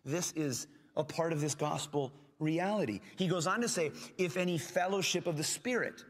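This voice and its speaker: A man preaching a sermon as pastor, earnest, asking his hearers questions and dropping at times to a soft, gentle tone. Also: a little high, normal speed. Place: church sanctuary. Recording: long hall reverb.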